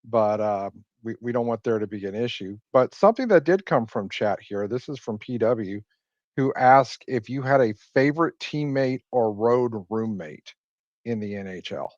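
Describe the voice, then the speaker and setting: A man's voice: medium pitch, expressive, normal speed, a little mellow, no room sound, dull audio. A male podcast host reading listener chat questions aloud to a guest. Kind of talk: casual podcast interview.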